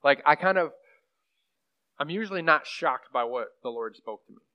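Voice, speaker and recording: A young man preaches in a loose, chatty way, drifting through fillers and asides as he teaches. His voice sits a little high for a man. The recording sounds muffled and lo-fi. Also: lively intonation, normal speed. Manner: rambling, conversational, lots of fillers. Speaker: pastor teaching a class. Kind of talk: casual sermon teaching.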